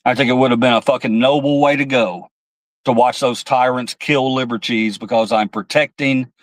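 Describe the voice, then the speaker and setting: A man hosts a political livestream and rants with heat and plenty of cursing, stopping now and then to read out chat comments. His voice sits at a middle pitch and sounds dry and close, with almost no room echo. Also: steady tone, moderate pace. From United States. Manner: heated, profane, reads chat comments aloud. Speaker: livestream host. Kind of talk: angry political livestream rant.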